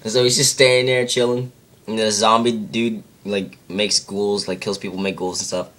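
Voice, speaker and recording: Young male vlogger, low-pitched, loose and rambling, correcting himself as he goes. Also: flat delivery, normal speed, a bit bright. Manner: rambling, many "like"s, self-correcting. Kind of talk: casual retelling.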